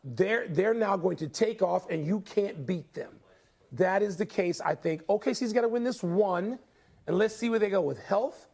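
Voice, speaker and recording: Gravelly, husky male basketball analyst. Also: sits high, normal speed, darkish tone. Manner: reflective, emphatic storytelling. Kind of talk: sports commentary.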